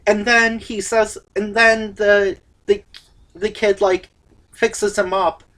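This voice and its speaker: A woman's voice: medium pitch, level tone, takes it slowly, a bit bright. A woman co-hosting a casual movie review chat, rambling with many fillers. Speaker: co-host of a movie review show.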